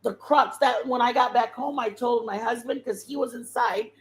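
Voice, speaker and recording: A woman's voice: fairly high pitch, fairly even intonation, moderate pace, low-quality recording. Rambling, heartfelt woman telling a story. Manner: rambling, full of fillers and restarts. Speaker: channel host sharing a testimony. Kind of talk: emotional personal storytelling.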